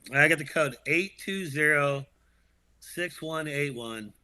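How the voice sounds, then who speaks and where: A man with a very bright, forceful voice, pitched a little high for a man. He co-hosts a casual sports talk show, speaking in an animated way, laughing often and restarting sentences. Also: measured pace, clear, resonant tone. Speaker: podcast co-host.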